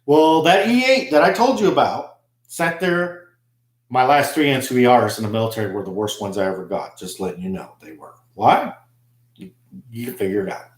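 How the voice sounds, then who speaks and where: A man's voice: mid-range voice, lively intonation, fairly quick, roomy sound. A man who served in the army, telling a story in an aggrieved, emphatic monologue. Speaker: army veteran vlogger. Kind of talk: casual monologue.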